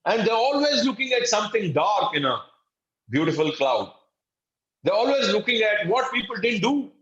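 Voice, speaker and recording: Man, course lecturer, earnest, emphatic, talks to listeners as friends, fairly high voice, dull lo-fi echoey recording. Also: very animated, normal speed, a bit bright. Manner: earnest, emphatic, addresses listeners as friends, acts out little quoted exchanges. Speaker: course instructor.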